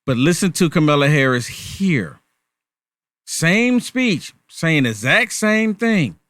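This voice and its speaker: A man's voice: on the high side, big pitch swings, slow, a bit bright, no echo. A male host giving sarcastic political commentary, firing off rhetorical questions.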